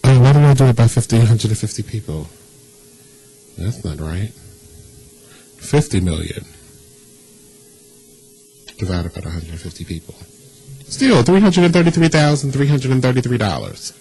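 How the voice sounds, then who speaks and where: Male internet radio host, animated, jokey, casual studio banter. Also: medium pitch, moderate pace, long pauses, breathy edge, soft background music, low-quality recording. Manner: joking, banters with callers.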